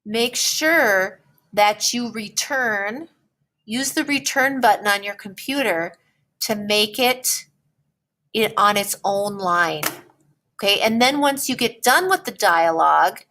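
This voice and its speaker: A woman teacher explaining a writing lesson in a slow, patient way, often checking in with "okay?". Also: medium pitch, sharp tone.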